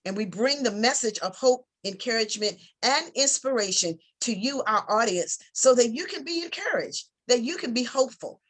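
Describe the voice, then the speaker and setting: A woman's voice: fairly high pitch, lively intonation, moderate pace, few pauses. A woman hosting an online show, introducing her guest in an upbeat, encouraging way. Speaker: host.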